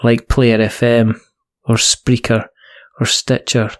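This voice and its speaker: A man hosts a casual podcast, speaking at an ordinary middle pitch. He teases his guest and rambles through plugs with playful jokes. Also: flat delivery, slow pace. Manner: teasing, jokey, rambling. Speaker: podcast host. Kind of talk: casual podcast chat and sign-off.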